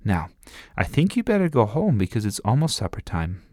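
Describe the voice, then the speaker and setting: A man voicing a lonely old woman neighbour telling a spooky tale, slow and storytelling. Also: lowish voice, very animated, a little mellow, no echo, studio quality.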